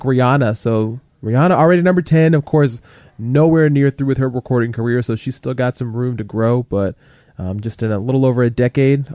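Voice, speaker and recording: A man's voice: medium pitch, warm tone, dry recording, clean studio sound. A man co-hosting a casual chart countdown podcast, chatty and full of fillers. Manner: chatty, many fillers like "you know" and "like".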